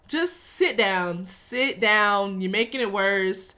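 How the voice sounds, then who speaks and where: Animated, profane woman ranting casually. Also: mid-range voice, takes it slowly. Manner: animated, swears a lot, talks straight to listeners. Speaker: podcast host.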